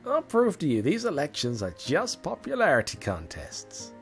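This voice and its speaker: A self-important teenage clarinet section leader, as a man reads him aloud holds forth like a campaign speech, his pitch rising and falling eagerly. Faint music plays under this read-aloud visual novel. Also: wildly swooping pitch, moderate pace. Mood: pompous. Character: pompous ambitious teen boy clarinet section leader.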